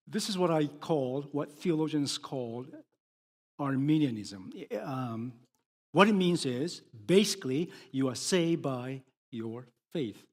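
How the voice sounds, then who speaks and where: A man preaching a sermon, emphatic, swinging between loud declarations and hushed words. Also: mid-range voice, lively intonation, takes it slowly. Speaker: pastor. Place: church sanctuary. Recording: long hall reverb.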